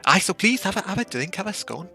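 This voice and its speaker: A man's voice: sits high, sing-song, fast talker, creaky, soft background music, pitched above the performer's own voice, full character voice. A man voicing a tired, worried older Scottish woman in a tabletop game. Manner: soft lilting put-on lady voice.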